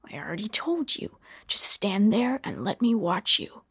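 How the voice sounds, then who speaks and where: Woman putting on a low, breathy murderous man. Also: sing-song, a little slow, exaggerated voice. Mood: menacing. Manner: low hushed breathy menace. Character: cruel murderous adult man, menacing and cold.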